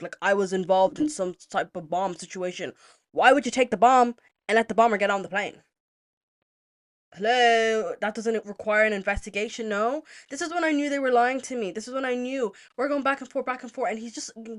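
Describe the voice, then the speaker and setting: A young woman from Zimbabwe hosting a podcast, telling a story in a casual, animated way and moving into political commentary, with lots of "like" and some swearing. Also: a little high. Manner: animated, chatty, heavy use of "like", swears freely. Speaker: podcast host.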